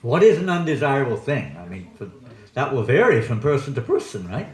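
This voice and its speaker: A male swami teaches a scripture class in a temple hall, chatty and quick to joke. His mid-pitched voice rises and falls a lot as he quizzes his listeners. The hall gives it a roomy echo. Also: sing-song. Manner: chatty, joking, quizzes the audience. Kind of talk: sermon with audience questions. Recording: echoey hall.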